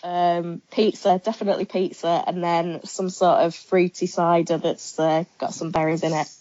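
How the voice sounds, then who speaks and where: A woman guest on a podcast chats in a relaxed way, answering with plenty of ums. Her voice sits a little low, dry and close, and the sound is slightly dull and lo-fi. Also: normal speed, no echo. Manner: relaxed, chatty, many ums. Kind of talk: casual interview chat.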